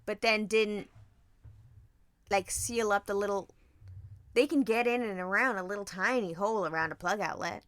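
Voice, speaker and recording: A woman co-hosting a podcast in casual chat, animated and profane, laughing often. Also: mid-range voice, normal speed, long pauses, no echo. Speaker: podcast co-host.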